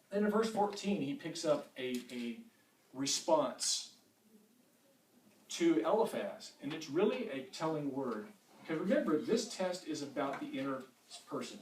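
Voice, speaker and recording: A man's voice: medium pitch, a little hiss or hum. A man teaching a Bible study in a church room in a conversational way, often repeating words as he restarts, recorded from a distance in an echoey room.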